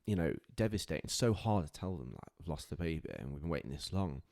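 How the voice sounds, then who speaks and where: Deep-voiced man, earnest and halting. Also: expressive, gravelly, a little mellow. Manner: earnest, heartfelt, halting with many restarts. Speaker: podcast guest. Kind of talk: candid personal storytelling.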